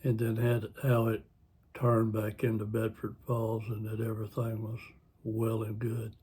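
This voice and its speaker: A man's voice: fairly low pitch, completely flat delivery, unhurried, mellow, a little hiss or hum. A man retelling a film plot in a rambling, self-correcting way. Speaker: vlogger. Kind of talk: casual storytelling.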